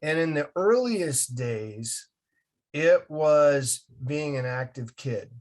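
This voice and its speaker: A man's voice: on the high side, slow pace. Upbeat storytelling man in his fifties. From Massachusetts, USA. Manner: animated storyteller, folksy and upbeat. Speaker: guest. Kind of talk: casual interview storytelling.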